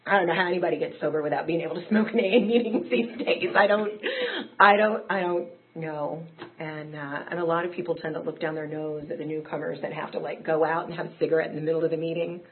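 A woman's voice: deep voice, fairly even intonation, quick pace, noisy background. A woman telling her own recovery story in a candid, conversational way that rises into emotional peaks. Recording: tinny phone-like audio.

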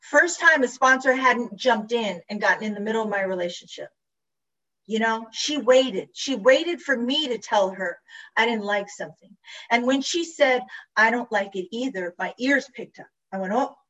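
Woman, high voice, animated storyteller, repeats herself, distant muffled recording. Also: normal speed. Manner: animated, acts out quoted dialogue, repeats phrases. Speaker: speaker sharing recovery story. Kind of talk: personal storytelling talk.

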